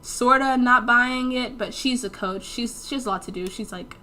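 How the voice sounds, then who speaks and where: Chatty teenage girl, slightly high voice. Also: normal speed, sharp tone, slight background noise. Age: teens. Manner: chatty, full of "like" fillers, acts out dialogue. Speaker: storytime vlogger. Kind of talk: casual storytelling.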